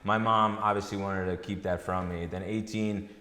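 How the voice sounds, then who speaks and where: A man's voice: low voice, little pitch movement, normal speed, pushed and bright. A man from North Jersey chatting easily in an interview, often laughing as he talks. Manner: laughing, easygoing, jokey. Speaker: guest comedian. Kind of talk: casual interview chat. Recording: echoey hall.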